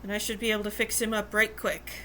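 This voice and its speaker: A woman voicing a brisk, folksy female healer who reassures the party. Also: mid-range voice, flat delivery, bright, forceful tone, slight background noise, lightly acted, rough recording. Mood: reassuring.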